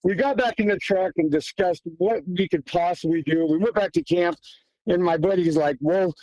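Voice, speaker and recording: A man's voice: high-pitched, normal speed, a little mellow, no echo, poor audio. A man, a hunter and guest, telling a tense hunting story in casual, vivid detail. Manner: tense, vivid retelling with quoted dialogue. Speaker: guest hunter recounting an encounter.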